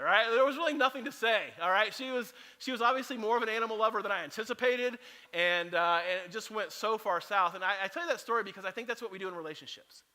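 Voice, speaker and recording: Bright, high-voiced man preaching in a hall. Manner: animated storytelling, humorous. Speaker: pastor. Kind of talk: sermon. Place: church auditorium.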